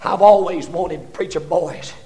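An older preacher with a high voice delivers a fiery sermon. He swells into shouts, stumbles over repeated words as his passion runs ahead of him, then drops low again to drive a point home. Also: unhurried. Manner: impassioned, rising to shouts, stammering repetitions.

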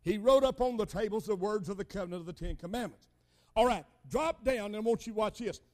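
Older male preacher, high voice, folksy and emphatic storyteller. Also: fast, a little mellow. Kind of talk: sermon.

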